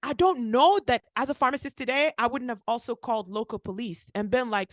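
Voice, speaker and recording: Young woman pharmacist telling a story, says like a lot, high voice. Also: fairly quick, few pauses, no room sound. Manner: animated, acts out quotes, frequent "like". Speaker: podcast co-host, pharmacist. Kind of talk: casual storytelling chat.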